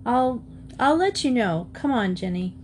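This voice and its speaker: Woman putting on a quick exclaiming schoolgirl, raised pitch. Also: lively intonation, darkish tone, slight background noise. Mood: torn. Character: torn, lively schoolgirl Geneva.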